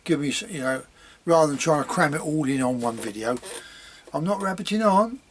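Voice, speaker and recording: A man's voice: fairly high pitch, expressive, a little fast, slight background noise. A man rambling casually about his leatherwork in a home vlog, chuckling at himself as he goes. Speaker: leatherworking hobbyist.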